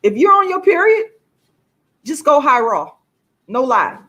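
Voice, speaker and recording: A woman's voice: high-pitched, sing-song, a little slow, pushed and bright, dull audio. A woman, talking casually and emphatically to her viewers in a livestream vlog. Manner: chatty, emphatic, addresses viewers as y'all. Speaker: vlogger.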